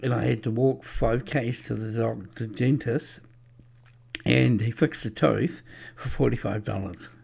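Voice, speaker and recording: Guy preaching off the cuff, real gravelly and dark, um-ing a lot. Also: mid-range voice, steady tone, unhurried. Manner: preachy, anecdotal, with many fillers and restarts. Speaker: religious speaker. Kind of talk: rambling personal monologue.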